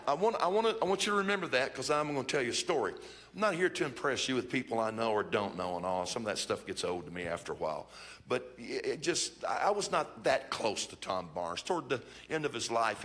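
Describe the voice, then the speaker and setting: A man's voice: on the low side, a bit bright. A man preaching at a church conference, telling a folksy, joking story and acting out the people he quotes. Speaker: bishop preaching. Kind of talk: storytelling sermon.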